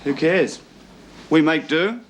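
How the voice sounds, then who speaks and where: A man's voice: a little high, animated, slow pace. Sulky aussie young guy on probation, middle voice, bit of hiss. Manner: sulky, defensive. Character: sullen young man on probation.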